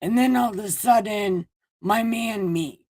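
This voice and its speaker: A woman's voice: deep voice, takes it slowly, darkish tone, dry recording, clean studio sound. A woman voicing a flustered, whiny first man in a comic retelling, complaining and blaming.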